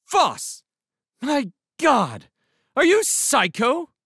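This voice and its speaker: Casting: male reader as a hard, strident young woman, pitched very high. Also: huge pitch swings, very slow, a bit bright, husky, no echo, clean studio sound, heavily acted. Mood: angry.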